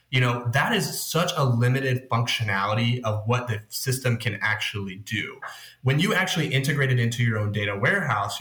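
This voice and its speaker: A man's voice: medium pitch, fairly bright tone, roomy sound. A man speaking as the guest expert in a podcast interview, explaining things patiently with homely analogies. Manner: explanatory, leans on food analogies. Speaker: guest expert on workplace tech.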